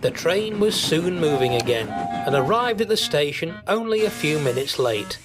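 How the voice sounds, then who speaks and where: A man reads a children's story in a gentle, steady way, his voice a little on the high side. Loud music plays beneath the narration throughout. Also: normal speed.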